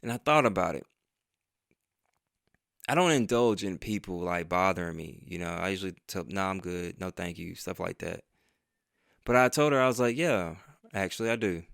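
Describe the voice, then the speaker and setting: A man's voice: low voice, moderate pace, gravelly, pauses often, fairly bright tone, no echo, studio quality. A man telling a personal story in a casual, profane storytime monologue, acting out the dialogue as he goes. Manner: conversational and profane, retelling with quoted dialogue. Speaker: vlogger and podcaster.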